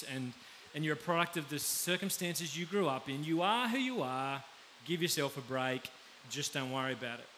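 A man with an Australian accent preaching a conversational sermon, often pausing to check in with his listeners. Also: on the high side, fairly bright tone. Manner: conversational, pauses to ask the audience. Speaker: pastor. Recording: faint background hiss.

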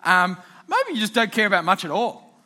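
Bright chatty man. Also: high voice, huge pitch swings, brisk. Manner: chatty storyteller, laughing often. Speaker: youth pastor. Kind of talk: casual youth talk.

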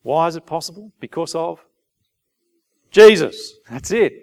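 A man's voice: fairly high pitch, a little fast, creaky. A man preaching a sermon, asking his listeners questions and briefly acting out little dialogues. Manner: animated, asks the audience rhetorical questions, acts out short dialogues.

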